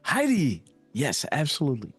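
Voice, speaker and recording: A man hosting a live stream in casual chat, enthusiastic and playful, giving shout-outs. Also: mid-range voice, huge pitch swings, moderate pace, husky, no room sound, faint music behind. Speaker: host of a live show.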